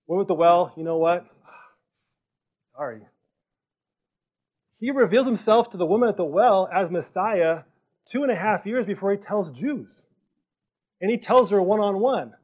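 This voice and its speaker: Animated male pastor preaching, lo-fi sound. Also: sits high, normal speed, long pauses. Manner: animated, conversational, acts out quoted speech. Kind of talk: sermon. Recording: dull lo-fi recording.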